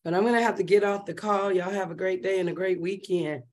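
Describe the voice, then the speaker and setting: A woman on a video call chiming in with quick, encouraging remarks. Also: medium pitch, fairly even intonation, darkish tone. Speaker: group call participant. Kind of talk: casual chat.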